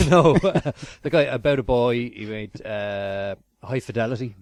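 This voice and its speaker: A man's voice: mid-range voice, slow, darkish tone, dry recording. A man hosting a casual review chat, chatty, laughing often and trailing off with fillers. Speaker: podcast host.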